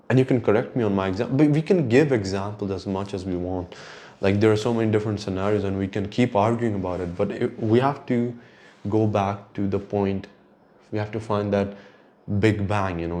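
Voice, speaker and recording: Young guy hosting a pod, kinda low voice, rambles on thoughtfully, swears here and there. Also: darkish tone. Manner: reflective, rambling, swears casually. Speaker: podcast host. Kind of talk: casual monologue.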